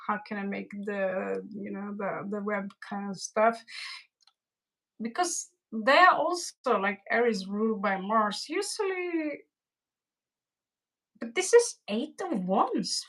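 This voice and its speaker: Slow rambly lady doing a tarot livestream, gravelly fry in her voice, chats with viewers. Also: mid-range voice, lively intonation, a bit bright, poor audio. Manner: rambling, chatty, greets viewers and mixes in Spanish. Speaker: tarot reader. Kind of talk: casual live-stream tarot reading.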